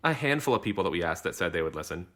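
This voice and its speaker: Man podcast co-host, very deep voice, jokey deadpan riffing, lively pitch. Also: racing, slight background noise. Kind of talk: casual chat.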